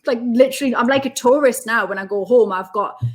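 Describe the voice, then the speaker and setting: Geordie woman, 30s, chatty podcast guest, animated storyteller. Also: a little high, fast. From Newcastle, England. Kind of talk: casual chat.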